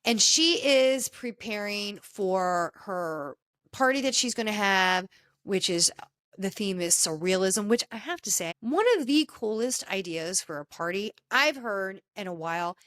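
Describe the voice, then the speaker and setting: A woman's voice: mid-range voice, expressive, measured pace, fairly bright tone. A woman hosting a podcast, casually recapping a reality show in a chatty, opinionated way and acting out the dialogue. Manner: chatty and opinionated, acts out quoted dialogue, frequent restarts. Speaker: podcast host.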